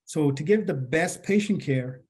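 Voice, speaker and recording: A man co-hosting a business podcast, explaining in a steady, plain-spoken way. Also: on the high side, a little slow, husky. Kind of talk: casual business podcast talk.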